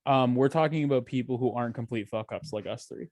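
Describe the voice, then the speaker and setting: A young man co-hosting a casual podcast chat, animated and profane, acting out little scenes as he talks. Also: medium pitch, fast, crowd noise. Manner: animated, acts out quoted voices, swears a lot. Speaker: podcast co-host.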